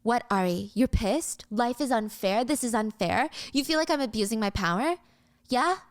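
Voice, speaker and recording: A woman's voice: a little high, animated, moderate pace, no room sound, studio quality, lightly acted. A woman voicing an arrogant, cruel young woman boss, in a mocking, condescending tone.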